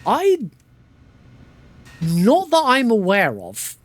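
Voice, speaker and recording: A man's voice: very high-pitched, huge pitch swings, extremely slow. A man giving casual, joking live commentary while playing through a video game speedrun. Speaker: speedrunner streamer. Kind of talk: live commentary over gameplay.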